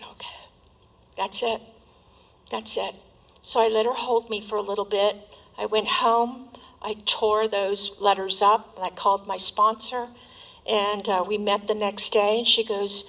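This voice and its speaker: A middle-aged woman gives a personal testimony about her recovery, speaking candidly and with feeling. Her voice is bright and clear, and she often lets remarks fade into soft, trailing asides. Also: mid-range voice, little pitch movement, unhurried, poor audio.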